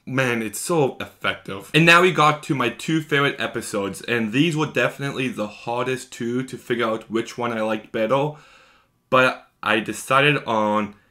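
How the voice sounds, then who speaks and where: A man's voice: medium pitch, normal speed, bright, forceful tone. A man giving an enthusiastic, gushing episode recap as a video reviewer, talking in long run-on strings.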